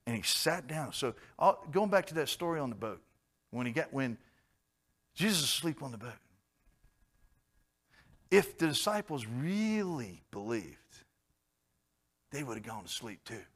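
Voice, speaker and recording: A pastor preaching a sermon, swinging between loud, emphatic outbursts and quiet, gentle asides. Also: male voice, medium pitch, very animated, measured pace, pauses often.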